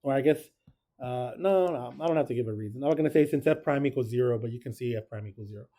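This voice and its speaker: A man's voice: mid-range voice, quick pace, warm tone. A man teaching a calculus lesson, explaining rules in a chatty way and often asking the class if they follow. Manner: chatty, checks in with students. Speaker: math teacher. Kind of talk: recorded classroom lecture.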